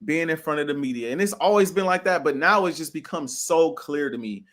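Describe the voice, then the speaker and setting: A man's voice: on the high side, fairly quick. A man co-hosting a sports podcast, talking casually with lots of slang and strong opinions. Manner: animated, slangy, keeps saying bro; opinionated and emphatic.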